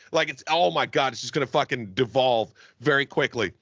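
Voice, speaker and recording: A young man co-hosting a comedy podcast, telling a long profane bit in a rambling, animated way. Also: fairly high pitch, fairly quick, hardly any pauses, no echo, dull audio. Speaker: podcast co-host. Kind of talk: casual comedic chat.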